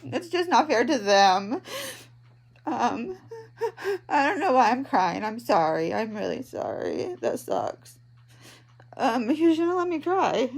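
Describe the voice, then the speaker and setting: A woman in her thirties talking in a personal video diary from home, halting and tearful, with many pauses and ums. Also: on the high side, sing-song, vocal fry. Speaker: vlogger, patient. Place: at home, in bed.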